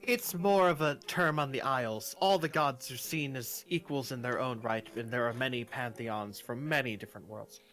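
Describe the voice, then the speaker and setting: A man's voice: mid-range voice, moderate pace, hardly any pauses, a bit bright, soft background music. A man narrating and ruling as game master of a live-streamed tabletop game, with a loose manner full of restarts.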